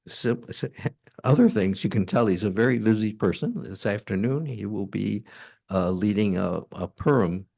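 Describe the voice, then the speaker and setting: A man hosting a church forum, introducing the guest speaker to the audience in a halting, light-hearted way. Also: fairly low pitch, vocal fry, a little mellow. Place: church meeting room.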